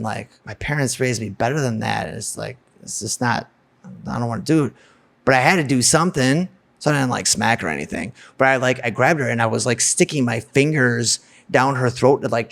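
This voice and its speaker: A man's voice: medium pitch, creaky, a bit bright. A man candidly recounting a personal story in a blunt, emotional way, swearing freely. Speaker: guest telling a personal story.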